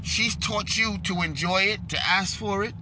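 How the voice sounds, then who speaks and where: Man, impassioned monologue, preachy, loud-to-hushed swings, slightly high voice, car road noise. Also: normal speed. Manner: preachy, swings between loud outbursts and low hushed lines.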